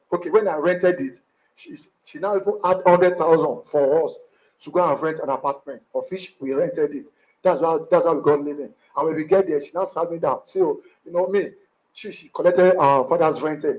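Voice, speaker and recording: Husband, high-pitched, stammering and hurried. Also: male voice, fairly even intonation, darkish tone, rough recording. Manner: rushed, stammering, repeats words. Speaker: complaining husband in mediation. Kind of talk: emotional testimony in mediation.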